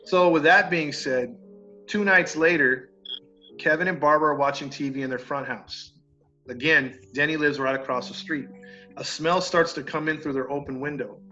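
On his podcast, this man recounts a true crime case in animated slang, performing the quoted lines himself. His voice is on the high side at a normal speed, and the lo-fi audio sounds dull with faint background music.

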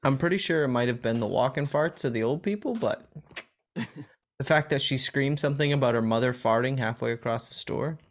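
A man's voice: medium pitch, brisk, slight background noise. A man hosting a casual podcast who reads out the questions and tells stories with frequent laughs. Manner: giggly, upbeat question-asker. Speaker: podcast host asking the questions. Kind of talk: casual chat.

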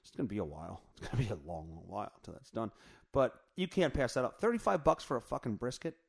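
A podcast host with a mid-range, sing-song voice and vocal fry talks quickly, riffing crudely on a news story. His comedic rant is rambling, profane, and off-the-cuff.

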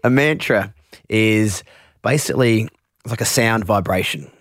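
A man who teaches meditation, explaining his practice in an interview in a relaxed way, with frequent restarts and asides. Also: on the low side, unhurried, dry recording, studio quality.

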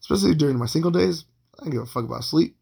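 A man's voice: on the high side, lively intonation, racing, mellow. A man in his late thirties telling a long personal story in a casual, profane, rambling way, full of fillers and restarts. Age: 30s. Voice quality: gravelly, husky voice.

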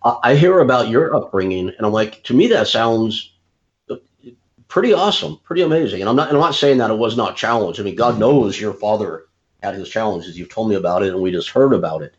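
A low-voiced male interviewer asks his questions haltingly, stumbling over his first words. The sound is a bit dull and lo-fi. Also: expressive. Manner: halting, stammers and restarts. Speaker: interviewer, podcast host. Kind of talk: casual interview talk.

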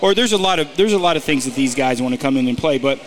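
A man co-hosting a casual golf talk show, explaining betting picks and tour events in a halting way with many restarts. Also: medium pitch, lively intonation. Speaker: golf podcast co-host and picks analyst. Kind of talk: casual sports chat.

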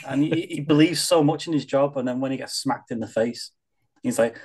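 A man's voice: mid-range voice, a little fast, darkish tone. A man chatting casually on a podcast, giggling as he talks about film scenes. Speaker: podcast co-host.

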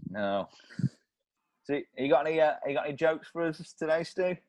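A man's voice: fairly high pitch, fast talker. A man co-hosting a casual podcast, joking and laughing often. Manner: giggly, animated, jokey. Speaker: podcast co-host.

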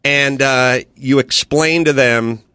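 A man's voice: medium pitch, fairly even intonation, takes it slowly, sharp tone, smooth, dry recording. A man hosting a podcast, chatting casually in a studio and acting out quoted bits as he tells a story. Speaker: podcast host. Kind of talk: casual comedic studio chat.

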